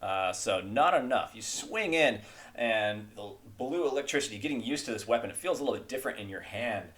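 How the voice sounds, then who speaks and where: A man's voice: mid-range voice, lively intonation, fairly quick, a bit bright. A man running a tabletop game as game master, talking casually and rattling through rules text.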